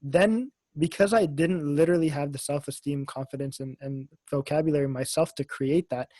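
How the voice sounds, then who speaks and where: Animated man on a dry close mic. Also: fairly high pitch, normal speed, no echo. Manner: animated storytelling, swears casually. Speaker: podcast co-host. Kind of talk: casual podcast conversation.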